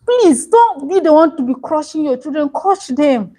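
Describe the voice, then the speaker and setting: Earnest woman teaching parents, slightly high voice. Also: very animated, moderate pace, mellow, rough recording. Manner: earnest, pleading, repeats key phrases. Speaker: parenting coach.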